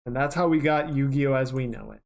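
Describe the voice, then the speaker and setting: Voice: mid-range voice, a little fast, creaky, a little mellow. A livestreamer in casual chat while working, rambling and chatty, swearing offhandedly now and then.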